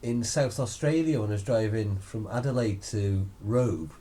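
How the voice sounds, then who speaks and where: A man hosting a podcast, reacting with quick remarks and swearing, and drifting into his own tangents. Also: lowish voice, warm tone. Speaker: podcast host. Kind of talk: casual podcast chat.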